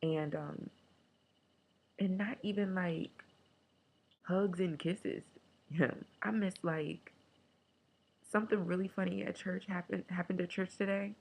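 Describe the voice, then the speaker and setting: A woman talking candidly in a casual video diary, emotional and joking, sometimes breaking into a squeaky high chant. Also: steady tone, slow, vocal fry, long pauses, slightly rough, poor audio. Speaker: vlogger.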